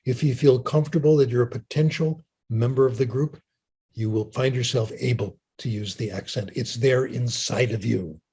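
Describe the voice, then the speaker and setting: Older man, husky voice, relaxed storytelling lecture, frequent "okay?". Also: mid-range voice, normal speed. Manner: chatty, storytelling, keeps asking "okay?". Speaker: linguist giving a talk. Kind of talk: lecture with audience Q&A.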